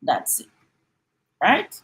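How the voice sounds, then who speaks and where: A middle-aged woman with a Jamaican accent talks casually on a live stream. She acts out quick exchanges and drifts between standard English and patois. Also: a bit bright, rough recording. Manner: chatty, mixes in patois, acts out little dialogues.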